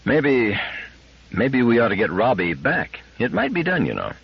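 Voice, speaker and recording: A man's voice: mid-range voice, wildly swooping pitch, normal speed, creaky, breathy edge, no room sound, pitched above the performer's own voice, heavily acted. A man voicing a weary middle-aged husband who grumbles reluctantly. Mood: grumbling. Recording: dull lo-fi sound.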